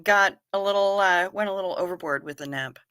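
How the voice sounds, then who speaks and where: A woman's voice: mid-range voice, a little fast, a bit bright, smooth, no room sound, studio quality. A woman hosting a live stream, chatting casually as she reads viewer comments aloud, wry and given to swearing and giggling.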